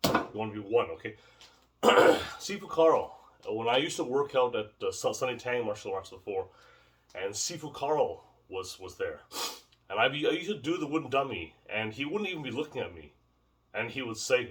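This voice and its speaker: A man's voice: medium pitch, lively intonation, fairly quick, a bit bright, recorded from a distance. A man teaching martial arts drills in a casual, rambling way, often repeating words as he demonstrates. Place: home training space.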